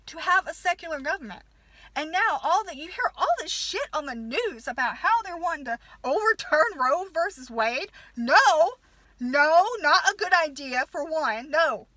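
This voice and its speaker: Woman in her 30s venting on camera, cusses a lot, keeps stopping and restarting, high voice, dry close sound. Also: expressive, pushed and bright, no room sound, low-quality recording. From United States. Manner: profane, halting, many restarts. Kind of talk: angry personal rant.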